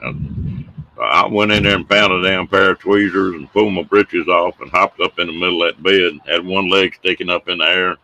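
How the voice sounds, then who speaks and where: A middle-aged man with a deep, steady, sharp-toned voice talks at normal speed, with a little hiss or hum in the recording. Hosting a live show, he's a folksy, drawling yarn-spinner telling casual stories and laughing at his own tales.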